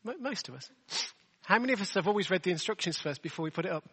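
A high, bright-voiced man from delivers a casual sermon, throwing rhetorical questions at his congregation. His voice rings out with a long hall reverb behind it. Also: expressive, very fast, slightly rough. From England. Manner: chatty, self-deprecating, rhetorical questions. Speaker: preacher.

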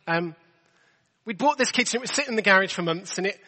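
A high, bright-voiced man from delivers a casual sermon, throwing rhetorical questions at his congregation. His voice rings out with a long hall reverb behind it. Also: lively intonation, fast. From England. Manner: chatty, self-deprecating, rhetorical questions. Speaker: preacher.

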